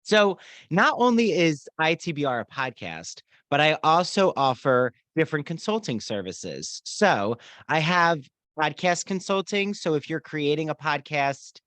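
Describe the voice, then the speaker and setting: A man's voice: on the high side, big pitch swings, a little slow, a bit bright, no echo. A man hosting a podcast, reading sponsor ads in an upbeat, enthusiastic way. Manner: upbeat, enthusiastic promotional delivery. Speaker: podcast host. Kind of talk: read podcast ad.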